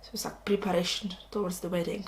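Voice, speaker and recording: A woman's voice: on the low side, flat delivery, quick pace, a little hiss or hum. A woman casually chatting about books she has just read, enthusiastic and exclaiming, on a camera mic at home. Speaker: book vlogger. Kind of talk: casual book review chat.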